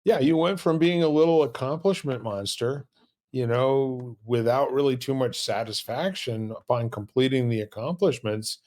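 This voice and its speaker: A man's voice: mid-range voice, moderate pace, darkish tone. A man hosting a casual interview, paraphrasing his guest's answers thoughtfully and adding light jokes. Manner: reflective, paraphrasing, joking. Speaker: interviewer, host.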